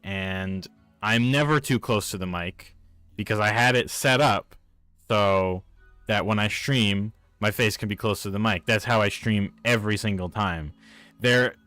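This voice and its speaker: A man's voice: lowish voice, a bit bright, smooth, dry recording. A man with a Newfoundland accent, chatting casually on a live stream and arguing with viewers about his microphone. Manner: exasperated, arguing with chat about his mic.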